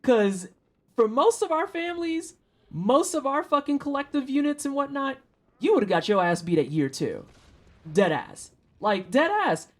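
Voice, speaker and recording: Animated, slangy streamer in their thirties. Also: sits high, measured pace. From St. Louis, USA. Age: 30s. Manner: joking, profane, slangy trash talk. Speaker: game streamer. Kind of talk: casual live-stream banter with chat.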